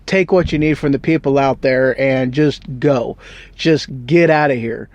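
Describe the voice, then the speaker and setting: A man's voice: medium pitch, a little slow, darkish tone, no echo, lightly acted. A man doing a fed-up ancient king. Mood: dismissive. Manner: curt, dismissive. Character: exasperated grieving ancient king, male, adult.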